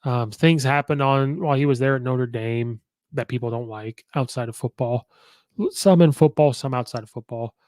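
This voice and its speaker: A man's voice: mid-range voice, moderate pace, a little mellow, no room sound, studio quality. Opinionated man hosting a sports podcast. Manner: opinionated, rattles off records, many fillers. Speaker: podcast host. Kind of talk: casual sports commentary.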